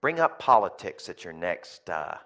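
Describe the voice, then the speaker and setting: Lively storytelling male pastor, low voice. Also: moderate pace. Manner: lively storytelling with rhetorical questions; jokey asides to the congregation. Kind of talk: sermon.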